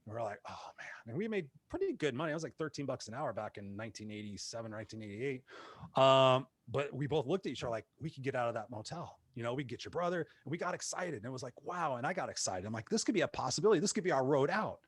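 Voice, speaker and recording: A man, a motivational speaker, telling his life story in a casual interview, animated and acting out the voices of people he quotes. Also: mid-range voice, fast, slightly rough, no room sound. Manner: animated, acts out quoted voices, many fillers.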